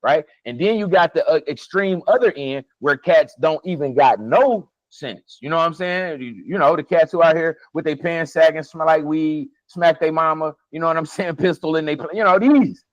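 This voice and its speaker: High-voiced, profane man. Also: moderate pace, few pauses, no echo, muffled recording. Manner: emphatic, profane, laughing often. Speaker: podcast co-host. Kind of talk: heated casual conversation.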